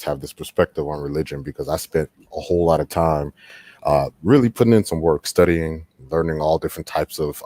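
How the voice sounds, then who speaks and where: A man with an extremely deep voice calls in to a talk show. He speaks in a measured, thoughtful way, pausing on fillers now and then. His voice comes through dry and close. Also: darkish tone, no room sound. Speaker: caller. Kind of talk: call-in comment.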